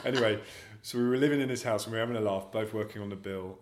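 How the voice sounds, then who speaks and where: A man's voice: lowish voice, very fast, a little mellow, a little hiss or hum. A man speaking as an actor guest in a casual interview, telling rambling, self-deprecating anecdotes. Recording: echoey room.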